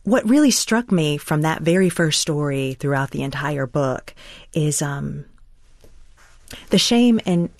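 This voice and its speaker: An interviewer asking measured, reflective questions about a memoir. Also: mid-range voice, expressive, no echo, studio quality.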